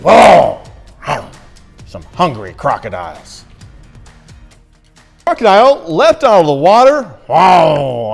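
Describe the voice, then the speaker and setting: A man anchoring a local evening newscast, reading stories with lively delivery and joking asides. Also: on the high side. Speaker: news anchor.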